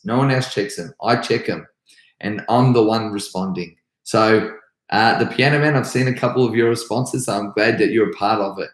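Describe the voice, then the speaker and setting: A man's voice: mid-range voice, echoey room, low-quality recording. An Australian man, a karate instructor hosting a live stream, answering viewers' comments in an upbeat, chatty way full of restarts.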